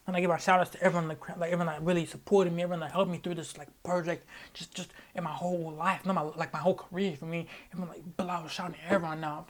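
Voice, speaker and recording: A young man from Australia, a musician, telling the story of his album event in a casual, excitable way, jumping between loud hype and quiet mumbled asides. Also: a little high, very fast, slight background noise. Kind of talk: casual vlog recap.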